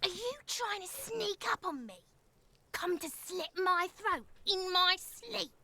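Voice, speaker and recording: A woman's voice: extremely high pitch, lively intonation, slow pace, sharp tone, full character voice. A paranoid, threatening ex-convict woman. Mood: suspicious. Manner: hostile, threatening. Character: paranoid hostile woman, jailed for murder.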